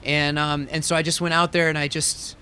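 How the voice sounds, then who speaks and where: A man's voice: a little high, level tone, brisk, bright, forceful tone, a little hiss or hum. A man in his thirties, a professional athlete being interviewed, talking easygoing with lots of fillers. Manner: easygoing, frequent fillers and laughs. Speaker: pro triathlete guest. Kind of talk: casual interview.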